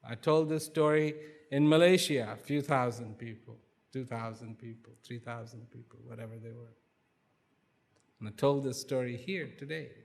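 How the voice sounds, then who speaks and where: A man giving a lecture at a university, telling a parable with repetition and dramatic pauses. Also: medium pitch, vocal fry, a little mellow. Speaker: guest speaker. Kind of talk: storytelling lecture. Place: university student activity center.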